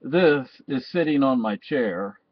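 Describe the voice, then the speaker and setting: A man's voice: mid-range voice, animated, takes it slowly, a little hiss or hum. A man from Texas, talking in a rambling personal monologue that often restarts and repeats phrases. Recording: dull, dry lo-fi recording.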